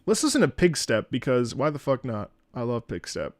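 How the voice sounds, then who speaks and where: A man's voice: medium pitch, big pitch swings, a little fast, no echo, clean studio sound. A man streaming, chatting casually about game music, laid-back, swearing freely and often restarting his sentences.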